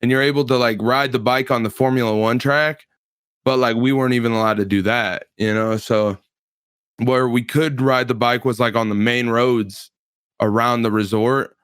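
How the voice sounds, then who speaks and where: A man's voice: mid-range voice, steady tone, moderate pace, a bit bright, smooth, no echo, clean studio sound. A man in his twenties, a pro fighter, telling a story in casual chat on a podcast, laid-back and full of slang and filler words.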